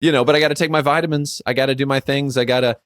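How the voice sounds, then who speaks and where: In rapid-fire delivery, a man in his forties tells stories while co-hosting a podcast, chatting casually, acting out quotes with animation, and saying "like" often. His voice is medium-pitched and smooth, with studio quality and no echo.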